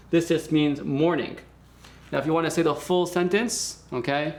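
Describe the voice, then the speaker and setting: Male teacher, casual lesson delivery, gravelly edge, drills words slowly. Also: a little high, slight background noise. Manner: relaxed, chatty, repeats words slowly for practice. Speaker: language teacher.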